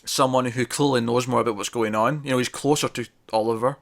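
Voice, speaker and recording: A man reviews an episode in relaxed, rambling conversation. He trails off and restarts often and breaks into quick laughs. His voice sits at an everyday middle pitch. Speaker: podcast co-host reviewing TV. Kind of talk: casual review chat.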